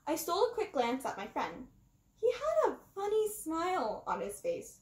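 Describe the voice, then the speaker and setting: A woman reading a children's storybook aloud, animated and acting out the narrator. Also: high-pitched, normal speed. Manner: animated, acts out the first-person narrator. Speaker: storybook reader. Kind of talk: expressive storybook read-aloud. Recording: roomy echo.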